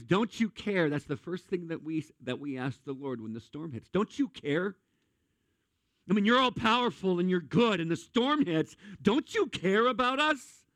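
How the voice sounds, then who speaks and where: A man preaching a sermon in a lively, conversational way, with jokes and acted-out asides. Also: on the high side, dry recording. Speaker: pastor.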